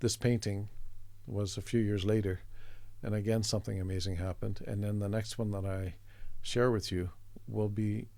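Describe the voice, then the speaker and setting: A middle-aged man from Canada with a low, gravelly voice and a warm, dark tone spins a relaxed anecdote. He slips into the voices of the people in his story and chuckles as he goes. The sound is dry and close. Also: moderate pace, hardly any pauses, no echo. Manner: chatty, acts out quoted voices, chuckles often. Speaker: artist guest telling a story.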